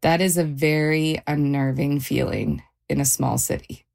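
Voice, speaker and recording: A mother in an interview, calmly recounting a frightening event in a measured, halting way with pauses and restarts. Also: deep voice, creaky. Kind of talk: personal account in a radio interview.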